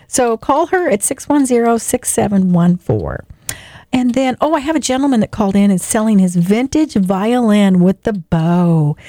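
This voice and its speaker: A middle-aged woman hosts local radio, rambling warmly through listings and laughing often. Her voice sits fairly high and sounds dry and close to the studio microphone. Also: no echo. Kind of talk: casual radio chat, reading listings.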